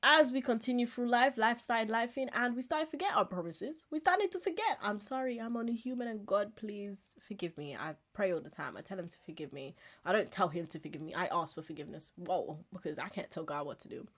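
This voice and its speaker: A woman in her twenties hosts a live-streamed podcast, chatting candidly and laughing often as she talks. Her mid-range voice is expressive, fairly quick with hardly any pauses, and swings between loud and quiet.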